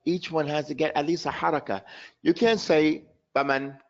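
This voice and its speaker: A man's voice: a little high, steady tone, moderate pace, darkish tone. A man teaching recitation in a live online class, drilling sounds over and over and mixing Arabic terms into his explanations. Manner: drills pronunciation by repeating sounds. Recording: dull lo-fi online class audio.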